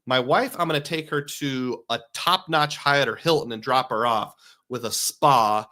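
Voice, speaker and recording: Bright-voiced chatty man on a live stream. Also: medium pitch, unhurried. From Iowa. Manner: chatty, rambling, answers viewer questions. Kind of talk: casual live-stream chat.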